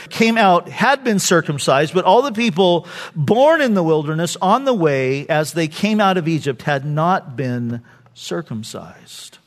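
An older man preaching a sermon, telling stories and dropping from loud preaching to soft, hushed lines. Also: high voice. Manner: storytelling, swings from loud preaching to soft near-whispers. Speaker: pastor.

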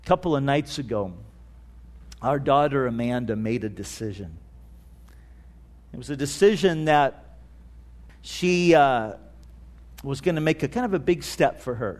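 A middle-aged man preaching a sermon in a storytelling way, with many restarts and fillers, slowing down to stress key phrases. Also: mid-range voice, darkish tone. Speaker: pastor.

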